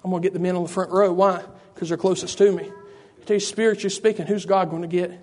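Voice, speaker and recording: Preacher guy, fairly high voice, fervent repetitive sermon, keeps calling folks by name. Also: fairly even intonation, fast, a little mellow. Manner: addresses listeners by name, frequent "I tell you".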